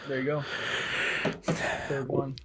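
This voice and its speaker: A man's voice: mid-range voice, completely flat delivery, takes it slowly, over a noisy crowd. A man co-hosting a podcast in casual chat, hesitant, with many fillers and restarts. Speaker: podcast co-host.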